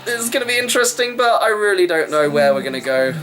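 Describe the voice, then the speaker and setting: A man's voice: high-pitched, very animated, fast, a bit bright, a little hiss or hum, rough recording. A man giving a chatty, wry running review of a wrestling show, rambling with fillers. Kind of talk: casual vlog review.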